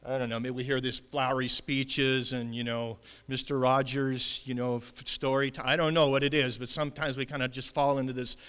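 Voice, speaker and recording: A man's voice: mid-range voice, flat delivery, a little fast, hardly any pauses, a bit bright, smooth, long reverb tail. A man preaching a sermon as pastor, talking in a loose conversational way with many fillers and restarts.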